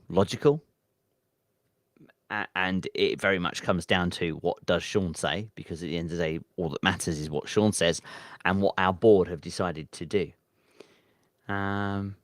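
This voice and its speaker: A man's voice: on the low side, no echo, studio quality. A man hosting a late-night livestream, reading viewer chat and thinking aloud in a hesitant, rambling way with lots of ums. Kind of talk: casual live-stream chat. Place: home at midnight.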